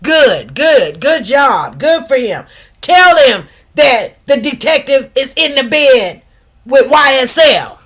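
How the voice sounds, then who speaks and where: A woman's voice: sits high, very animated, takes it slowly, fairly bright tone. A woman hosting a live stream, chatting casually and directly to her viewers in a slangy, talkative way. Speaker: livestream host. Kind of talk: casual commentary to a live chat.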